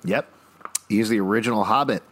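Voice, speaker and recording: Man, low voice, podcast co-host, wry plot recap, casual chat. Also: brisk, fairly bright tone. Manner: wry, summarizing plot at length.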